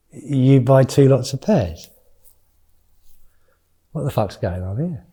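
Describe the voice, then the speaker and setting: Brief: male meditation teacher in his fifties, very dark, mellow tone, frank and conversational. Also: mid-range voice, lively intonation, slow pace, pauses often, slightly rough. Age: 50s. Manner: candid and chatty, with blunt swearing. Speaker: mindfulness retreat teacher. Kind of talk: informal retreat talk.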